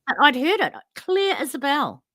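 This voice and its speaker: A woman's voice: high-pitched, very animated, normal speed, pushed and bright, dry recording, clean studio sound. A woman, co-hosting a casual chat and telling a story, acting out both sides of remembered conversations. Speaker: podcast co-host.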